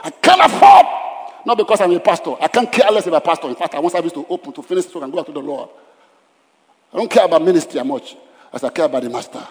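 A man preaching a sermon as pastor, emphatic, swinging between loud declarations and hushed lines. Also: a little high, very fast. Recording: long hall reverb.

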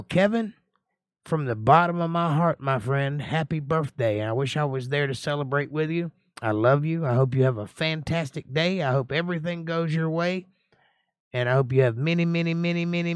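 A man's voice: fairly high pitch, normal speed, smooth, dry recording, studio quality. A man leading a casual livestream Bible study in a folksy, chatty way, reading scripture aloud, explaining it, and greeting viewers by name. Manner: reads scripture aloud and comments on it.

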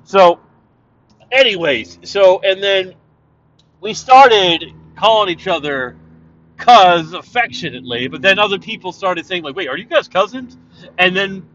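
A man from Canada rambles loudly and profanely to his viewers while driving. His voice is bright and sharp, and it swings widely in pitch. The recording sounds dull and lo-fi, with faint road noise behind him. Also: expressive, a little slow. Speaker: vlogger. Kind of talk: rambling casual monologue. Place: driving in a car.

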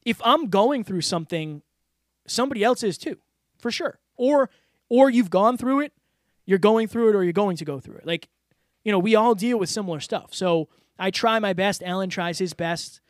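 A man's voice: high-pitched, animated, normal speed, no room sound, studio quality. A man talking openly and earnestly as a podcast guest, with lots of "like" and "you know" fillers. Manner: earnest, open, filler-heavy. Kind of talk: casual interview talk.

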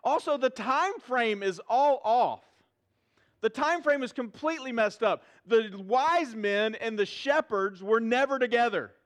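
High-voiced animated pastor preaching. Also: male voice. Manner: animated, humorous storytelling with audience questions. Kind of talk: sermon. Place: church auditorium before a live audience.

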